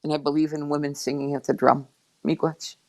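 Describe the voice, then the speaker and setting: A woman guest speaking slowly and softly over a video call, emotional and near tears as she reflects between pauses. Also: sits low, little pitch movement. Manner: slow, soft and reflective, with pauses. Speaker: guest drum singer. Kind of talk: heartfelt testimony on an online panel.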